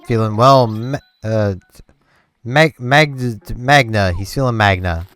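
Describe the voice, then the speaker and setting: A man's voice: mid-range voice, takes it slowly. A young man chatting casually and rambling as he plays a game on his channel, filling his talk with "like". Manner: rambling, relaxed, with many "like" fillers. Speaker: gaming channel host. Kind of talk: casual chat while playing a game. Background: faint game music.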